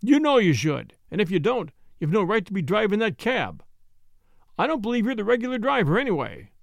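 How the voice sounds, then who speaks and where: A man reading a story, voicing a hoarse, suspicious policeman on night patrol who barks demands. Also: high voice, very animated, brisk, no echo, pitched above the performer's own voice, full character voice. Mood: demanding. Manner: barking, demanding. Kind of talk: audiobook character voice.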